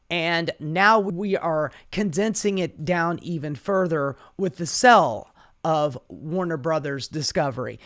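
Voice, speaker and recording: A man delivering a profane, sarcastic political rant, exasperated throughout. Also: fairly high pitch. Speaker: political commentator. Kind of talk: ranting political commentary.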